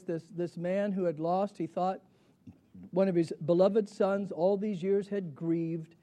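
In a relaxed Bible class, a middle-aged teacher asks his students questions and then supplies the answers on his own. He speaks in a high, warm voice.

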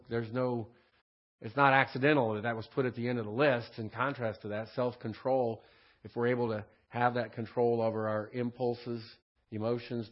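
A man teaches a Bible lesson in a relaxed, conversational way, often checking in with a quick "right?" and stopping to clear his throat. His voice sits at an ordinary pitch. The recording sounds a little dull and lo-fi. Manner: frequent throat clearing and restarts.

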